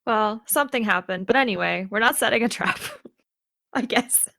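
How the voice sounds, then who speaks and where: A woman's voice: on the high side, moderate pace, gravelly, sharp tone, no room sound, clean studio sound. A woman playing in a tabletop game, bubbly and giggly, often teasing the others. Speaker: player. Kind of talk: casual chat during a tabletop game.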